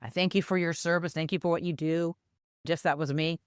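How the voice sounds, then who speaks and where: A woman's voice: lowish voice, fairly quick, clean tone, no room sound, studio quality. An older woman, a podcast co-host, telling a personal story and acting out the voices of the people in it. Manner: animated storyteller who acts out quoted voices.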